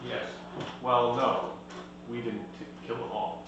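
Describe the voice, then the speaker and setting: A man's voice: mid-range voice, level tone, takes it slowly, muffled recording. A man playing a tabletop game, speaking briefly and matter-of-factly, recorded from a distance in an echoey room with hum. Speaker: player. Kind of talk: casual tabletop play.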